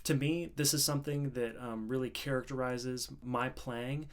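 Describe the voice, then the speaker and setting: A man giving a casual video lesson on the mandolin, explaining in a relaxed way with fillers and restarts. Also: mid-range voice, moderate pace. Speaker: mandolin teacher. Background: mandolin playing between phrases.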